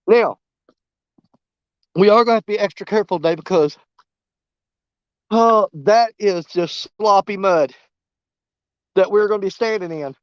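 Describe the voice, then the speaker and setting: A high-voiced man with a drawl talks to his viewers from a muddy river bank, excitable and quick to get emotional. The sound is dull and muffled, recorded dry outdoors on a covered camera mic. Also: dry recording. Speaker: fishing vlogger. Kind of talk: casual outdoor vlog. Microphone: camera mic muffled against the wind.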